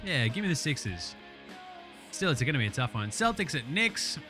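Background music plays as this young Australian podcaster, mid-range and very animated at a moderate pace, recaps basketball. His style is jokey, profane and excited, peppered with fillers as he runs through the numbers.

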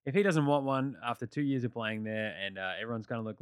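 A man's voice: mid-range voice, quick pace, few pauses, clear, resonant tone, dry recording, clean studio sound. An Australian man hosting a casual basketball recap, blunt, joking and full of swearing. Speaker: basketball podcast host.

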